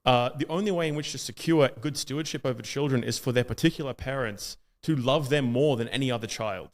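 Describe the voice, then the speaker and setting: An Australian man giving an impassioned monologue, emphatic and often pausing on "uh" as he builds in intensity. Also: mid-range voice. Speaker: speaker.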